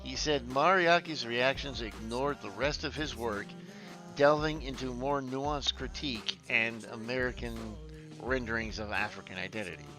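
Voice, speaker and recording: A man with a medium-pitched voice streams casually over background music, chatty and quick to laugh. He swears freely and stumbles as he reads news and chat aloud.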